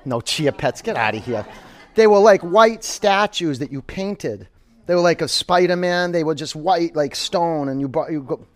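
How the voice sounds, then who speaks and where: A man's voice: a little high, expressive, normal speed. Chatty man leading a yoga class. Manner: chatty, joking asides between cues. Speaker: yoga instructor. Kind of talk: live yoga class instruction.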